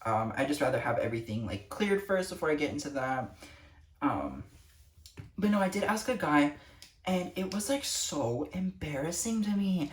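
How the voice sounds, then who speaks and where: In a deep voice with lively intonation and a normal pace, a teen girl vlogs an exasperated, swear-heavy rant to the camera. An echoey space and far-off microphone color the recording.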